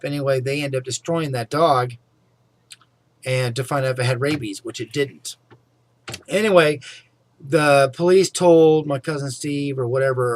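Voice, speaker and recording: A middle-aged man telling a personal story in a casual, rambling way, often saying "anyway" and "okay?". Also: mid-range voice. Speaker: vlogger.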